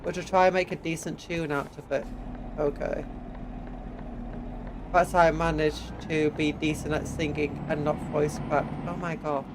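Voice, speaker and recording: High-voiced sniffly English male streamer. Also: flat delivery, moderate pace. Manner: chatty, reads chat aloud, hums little tunes while driving. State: sniffly from hay fever. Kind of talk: casual gameplay live-stream chat. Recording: game truck engine noise underneath.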